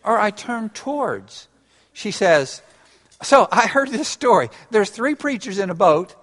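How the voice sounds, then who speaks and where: Sing-song and measured, a pastor's high, fairly bright voice leads an interactive sermon. He talks with his congregation conversationally and laughs along, all within a reverberant church hall.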